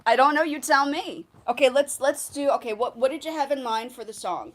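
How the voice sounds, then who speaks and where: A woman musician hosting a casual livestream, talking in an animated way, laughing often and repeating herself. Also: high voice, fairly quick.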